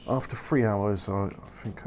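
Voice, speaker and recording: A man's voice: lowish voice, steady tone, unhurried, darkish tone, slight background noise. A man giving casual, rambling commentary while playing a factory-building game, correcting himself and making wry asides. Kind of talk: casual let's-play commentary.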